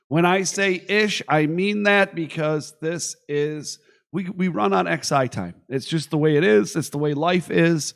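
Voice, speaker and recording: Boastful, joking podcast host man. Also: a little high. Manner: boastful, joking, self-hyping. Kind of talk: casual chat.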